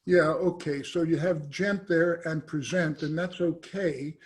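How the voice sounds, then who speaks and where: Hesitant, halting man asking questions. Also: a little high, fairly even intonation. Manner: hesitant, halting, many "uh" and restarts. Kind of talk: academic Q&A question.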